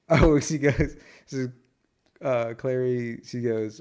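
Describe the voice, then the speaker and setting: A man's voice: medium pitch, takes it slowly, darkish tone. A man co-hosting a podcast in casual chat, rambling through stories and reading movie quotes aloud. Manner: rambling, restarts often, reads movie quotes. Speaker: podcast co-host.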